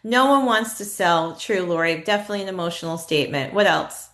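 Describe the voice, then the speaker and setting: A woman's voice: lowish voice, brisk, fairly bright tone. A woman leading a live online training in a conversational way, asking her audience questions and reading their chat replies aloud. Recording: echoey room.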